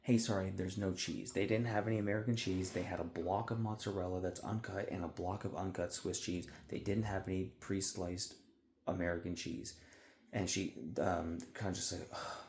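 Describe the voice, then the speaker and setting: Man, lowish voice, venting casually, exasperated and swearing, faint hiss behind. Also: steady tone, moderate pace, darkish tone. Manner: exasperated, profane, rambling. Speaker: vlogger.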